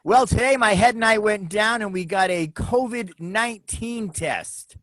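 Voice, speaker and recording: A man's voice: high voice, unhurried, fairly bright tone, no room sound. A man chatting as a guest on a video call, telling a rambling story with restarts. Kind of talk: casual chat.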